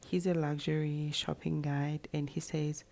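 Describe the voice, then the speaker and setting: A woman giving a casual, chatty recap of a show's cast, tossing in quick sassy asides. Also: low voice, level tone, gravelly, warm tone. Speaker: reality show commentator. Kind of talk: casual show recap to camera.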